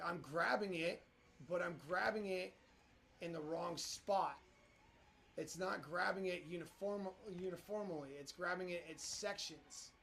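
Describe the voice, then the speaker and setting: A male live streamer narrates his own work, swearing and grumbling at the program as it misbehaves. His voice sits a little high and has a gravelly edge. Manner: profane, frustrated, talks at the program. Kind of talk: live-stream commentary while working in software.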